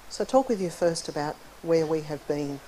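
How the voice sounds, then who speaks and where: A middle-aged woman giving a friendly, chatty conference lecture in a university hall. She often clears her throat between points. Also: low-pitched, lively intonation, measured pace, dark tone, slight background noise. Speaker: conference keynote speaker, psychologist. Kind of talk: conversational lecture.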